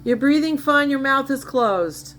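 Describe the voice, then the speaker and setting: A woman's voice: high-pitched, lively intonation, measured pace, fairly bright tone, slight background noise. A woman giving sarcastic, mocking reaction commentary on a livestream clip.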